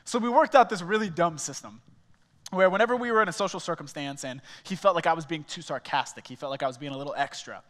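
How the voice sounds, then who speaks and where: Young man, pastor preaching, casual storytelling, somewhat high voice, long hall reverb. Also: fast, a bit bright. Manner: conversational storytelling, self-mocking humor. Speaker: small groups pastor. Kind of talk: sermon. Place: church auditorium.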